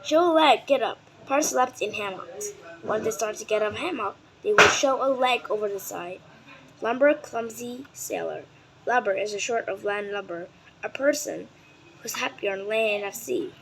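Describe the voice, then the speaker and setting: In a mid-range voice, a woman reads aloud from a children's nonfiction book in English, her native tongue being Vietnamese. She goes deliberately, occasionally stumbling before correcting herself, with noise audible in the background.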